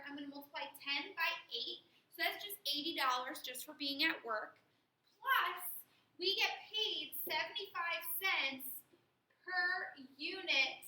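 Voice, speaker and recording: Female math teacher, high bright voice, patient step-by-step explainer, echoey room. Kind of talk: recorded classroom lesson.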